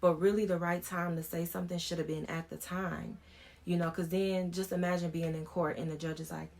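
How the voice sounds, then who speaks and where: A woman's voice: on the low side, level tone, fairly quick, gravelly, a little mellow. A woman in her thirties, a vlogger, telling a personal story in a frank, informal way as she talks things through.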